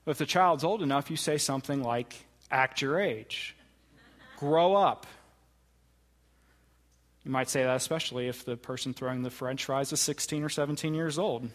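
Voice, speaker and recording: A man preaching a sermon, with deliberate, emphatic phrasing that slows to stress key words. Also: medium pitch, in a large hall. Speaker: pastor.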